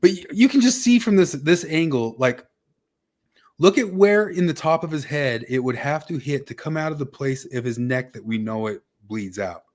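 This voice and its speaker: A man's voice: fairly high pitch, lively intonation, normal speed. A man hosting a casual podcast chat, rambling and hedging with lots of fillers. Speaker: podcast host.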